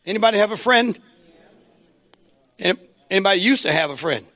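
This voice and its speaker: A male pastor preaching a sermon, calling out to the congregation for responses and shouting exclamations. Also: sits high, expressive, a little fast, a faint crowd.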